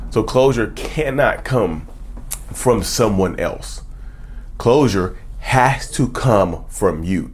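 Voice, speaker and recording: A man hosting a motivational self-help talk, emphatic and repetitive, calling his listeners y'all. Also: on the low side. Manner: emphatic, repeats key phrases, addresses listeners as y'all. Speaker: host.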